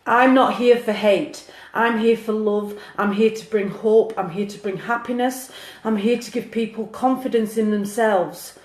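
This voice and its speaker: A woman's voice: mid-range voice, unhurried, darkish tone, echoey room. A woman doing a live-streamed psychic reading, earnest and emotional, talking to viewers by name. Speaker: psychic medium.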